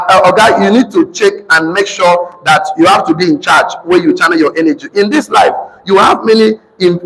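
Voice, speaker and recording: A man with a Nigerian accent giving an animated teaching talk, repeating points and slipping into pidgin. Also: high-pitched, big-room sound, rough recording. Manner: animated, repetitive, mixes in pidgin. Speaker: motivational speaker.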